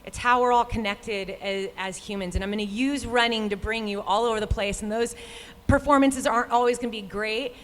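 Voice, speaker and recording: A woman's voice: a little high, steady tone, brisk, a bit bright. A woman, a professional runner, telling a heartfelt personal story to a live audience with earnest quoted inner thoughts. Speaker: professional runner and guest speaker. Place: live stage event in a large hall. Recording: long reverb of a live venue.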